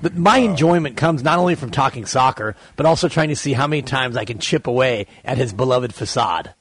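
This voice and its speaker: Husky, wry sports radio co-host man. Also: medium pitch, lively intonation, brisk, fairly bright tone. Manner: wry, teasing storyteller.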